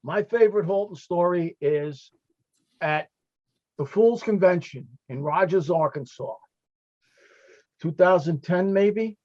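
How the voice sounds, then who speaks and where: A fire captain speaking as a guest on a video call panel, paying heartfelt tribute to a late friend through stories. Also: male voice, sits high, slow, long pauses, darkish tone, no room sound, lo-fi sound. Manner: storytelling, heartfelt, quoting friends.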